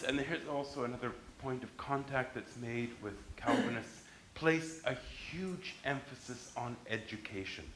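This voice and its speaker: A man's voice: mid-range voice, fairly bright tone, reverberant, a little hiss or hum, rough recording. A man giving a university history lecture, emphatic and restarting his sentences as he explains.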